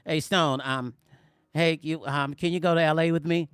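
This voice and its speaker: A man doing an impression of a veteran musician who talks low and halting, with hesitant pauses. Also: fairly even intonation, fairly bright tone, clean tone, no room sound, studio quality, natural voice. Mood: casual, halting.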